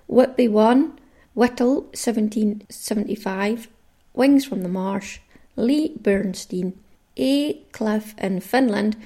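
A woman's voice: mid-range voice, slow, dark tone. A woman from Caithness in the far north of Scotland with a Caithness accent, hosting her own podcast in a casual, chatty way and reading out lists of listener names. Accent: Scottish, Caithness. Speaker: podcast host. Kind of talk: casual solo podcast chat.

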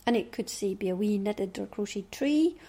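A woman's voice: mid-range voice, expressive, moderate pace, mellow. A middle-aged woman with a Scottish accent hosting a knitting podcast, chatting casually and rambling with little asides under her breath. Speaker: podcast host. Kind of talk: casual chat.

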